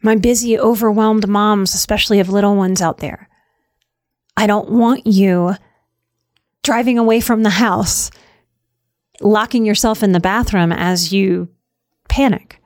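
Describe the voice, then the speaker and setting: A woman giving a self-help talk on anxiety, slow and soothing, repeating key phrases with emphasis. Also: medium pitch, fairly even intonation, a little mellow, no room sound, studio quality.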